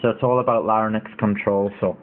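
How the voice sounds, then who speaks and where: A man's voice: on the low side, steady tone, fairly quick, a little hiss or hum. A man in his thirties hosting a casual livestream, rambling and indignant, with lots of fillers. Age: 30s. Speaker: livestream host. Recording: tinny phone-like audio.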